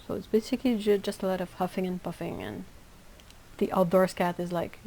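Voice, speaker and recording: A woman's voice: mid-range voice, steady tone, brisk, mellow, a little hiss or hum, rough recording. A woman hosting a casual livestream, chatting and reacting to viewers' comments with frequent laughter. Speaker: livestream host and artist.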